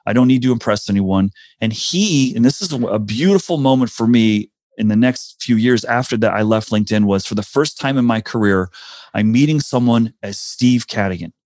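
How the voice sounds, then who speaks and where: A man, likely in his forties, shares a personal career story in an earnest, reflective way, often restarting sentences. His medium-pitched, darkish voice is at normal speed, recorded studio-quality with no echo.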